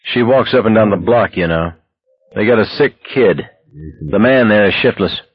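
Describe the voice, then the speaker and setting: A man's voice: mid-range voice, expressive, brisk, husky, dry recording, muffled recording, voice pushed up. A man voicing a sly, insinuating tenement neighbor who gossips over the phone. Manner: sly, giggling, drawling.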